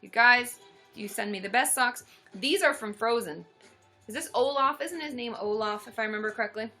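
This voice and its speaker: A young woman chatting excitedly to her viewers while opening fan mail, often squealing with delight. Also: a little high, normal speed, faint music behind. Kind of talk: casual livestream chat.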